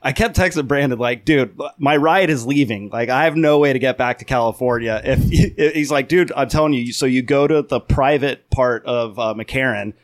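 A man's voice: medium pitch, normal speed, hardly any pauses, dry recording. A man co-hosting a podcast, telling a casual anecdote in a chatty way and acting out quoted lines. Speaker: podcast co-host. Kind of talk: casual chat.

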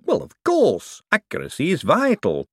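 A man voicing an excitable young male inventor who speaks eagerly and breathlessly. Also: on the high side, normal speed, dry recording, studio quality, voice pushed up, heavily acted.

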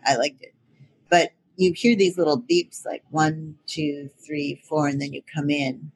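A woman's voice: deep voice, fairly even intonation, a little slow, breathy edge. An older woman voice actor chatting as an interview guest, laughing often and using many fillers. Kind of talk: casual interview chat.

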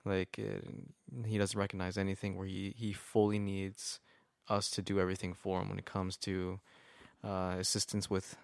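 A man's voice: sits low, completely flat delivery, moderate pace, creaky, no room sound, clean studio sound. A man in casual podcast chat, telling an earnest, reflective story about his past work. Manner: earnest, reflective, with fillers like right. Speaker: podcast co-host.

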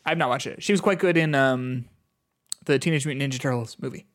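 A man's voice: medium pitch, a little fast. A man co-hosting a casual gaming podcast, chatting with frequent ums and restarts. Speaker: podcast co-host. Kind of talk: casual chat.

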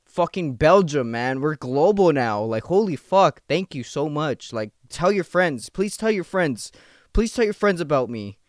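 A man's voice: a little high, big pitch swings, a little slow, no room sound, clean studio sound. Irritated, rambling young man podcasting. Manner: rambling, profane, restless and agitated. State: tired after a night shift. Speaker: podcast host. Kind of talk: casual solo podcast monologue.

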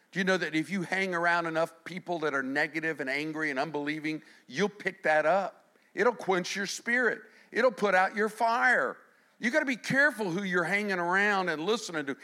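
A middle-aged man preaching a sermon, animated, swinging between loud emphasis and hushed passages. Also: high voice, moderate pace. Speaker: pastor.

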